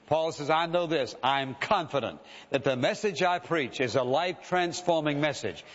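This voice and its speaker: A man preaching in a large hall, his slightly high voice carrying a long reverb. The sound is a little dull. He keeps a measured pace and slows down for scripture. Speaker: pastor. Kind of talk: sermon.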